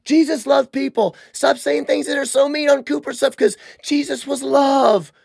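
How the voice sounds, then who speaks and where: A man's voice: extremely high pitch, steady tone, normal speed, creaky, a little mellow, no room sound, studio quality, voice pushed up. A man putting on a whiny, naive male critic in a mocking, sing-song voice.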